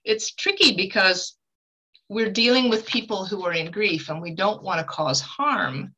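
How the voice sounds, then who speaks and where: Bright-voiced earnest woman medium. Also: a little slow, husky, poor audio. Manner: earnest, animated storyteller with emphatic pitch swings. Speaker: medium and guest speaker. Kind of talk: conversational teaching talk.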